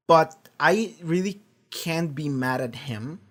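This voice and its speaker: This man's voice is fairly high and his pace slow as he delivers casual, animated reactions from a home streaming setup. He curses often, rambles, and restarts his sentences repeatedly.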